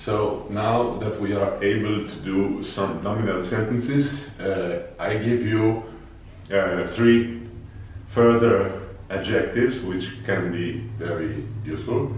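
A man teaching a language lesson, speaking slowly and carefully and repeating words for learners. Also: fairly low pitch, a little mellow, a little hiss or hum. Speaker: Arabic teacher. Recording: echoey distant room, dull sound.

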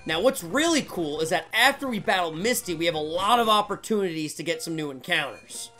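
A man's voice: sits high, expressive, fairly quick, pushed and bright, soft background music. A man co-playing as guest in a casual gaming commentary, teasing and goofy. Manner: teasing, jokey, goofy bits. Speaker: co-player guest.

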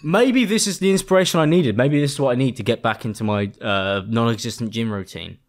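A man's voice: mid-range voice, fairly quick. A young man hosting a casual reaction video. He exclaims often and swears freely. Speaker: YouTube reaction host.

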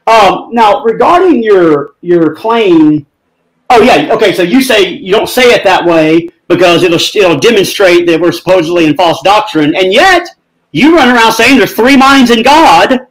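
Guy with a high voice firing back in a debate, kinda scornful. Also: lively intonation, a little slow, a bit bright, low-quality recording. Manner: dismissive, argumentative. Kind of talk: theological debate rebuttal.

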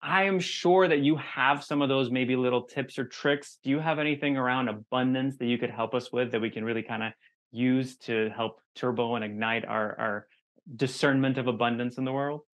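A man with a mid-range voice hosts an interview conversation. He halts and restarts his words often, and his talk is eager. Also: medium pitch. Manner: halting, repeats words, grows excited. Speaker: host.

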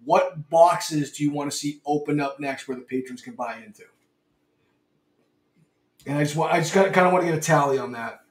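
Excitable male stream host, slightly high, loud, laughs a lot; echoey room, off-mic. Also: a little fast, pauses often, far from the mic. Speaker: livestream host. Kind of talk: casual livestream banter.

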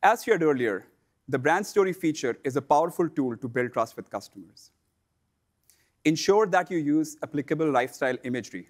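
A man presenting a scripted instructional lesson for online sellers, in a measured, explanatory delivery. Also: on the high side, lively intonation.

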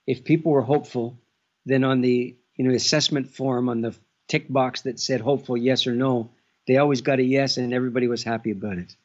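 A man speaks in a husky, breathy voice, turning each thought over slowly with drawn-out pauses. He answers from home over a dull, muffled call line that dulls the top end. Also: mid-range voice, fairly even intonation. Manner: measured and contemplative, with stretched pauses. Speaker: guest author. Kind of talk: reflective interview answers.

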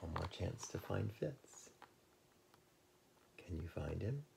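A man reading a children's picture book aloud, lively, dropping to a hush to ask young listeners to find the cat. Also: low voice, takes it slowly, vocal fry, noisy background.

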